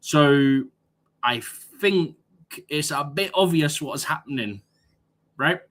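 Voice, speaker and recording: A man's voice: a little high, slow, a bit bright. A young man co-hosting a football live stream in casual chat, arguing his points emphatically with rhetorical questions.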